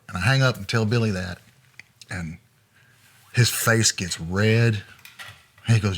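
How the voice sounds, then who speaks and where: Man telling road stories, low voice. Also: moderate pace, pauses often, breathy edge. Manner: relaxed anecdotal storytelling, chuckling. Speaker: guest, former road manager. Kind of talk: storytelling interview.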